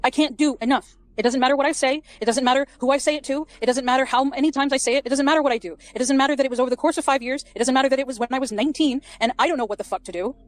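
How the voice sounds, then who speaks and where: A woman's voice: high-pitched, racing, hardly any pauses. A woman in her twenties arguing in a defensive, frustrated and pleading way. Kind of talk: frustrated argument in a played clip.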